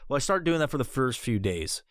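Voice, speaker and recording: A man's voice: medium pitch, very animated, a little fast, no echo, clean studio sound. A man hosting a podcast, telling a rambling, heavily profane comedic story. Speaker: podcast host.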